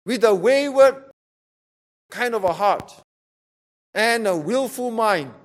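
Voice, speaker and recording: Guy with a high voice preaching, pushy repeated questions, sermon style. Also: animated, slow pace. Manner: emphatic, repeats rhetorical questions.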